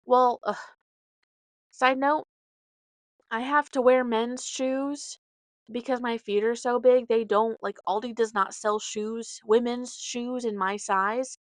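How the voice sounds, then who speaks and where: Speaking slowly in a steady, higher-pitched voice, this woman hosts a podcast and spins a loose, meandering story full of tangents and self-corrections. She dramatizes the lines she quotes, and there's no room sound on the recording.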